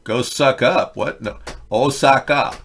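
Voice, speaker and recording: A man's voice: medium pitch, slow, creaky, a bit bright, breathy edge. Sarcastic rambling male livestream host. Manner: rambling, sarcastic, wisecracking asides. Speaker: livestream host reading chat. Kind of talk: casual political commentary livestream.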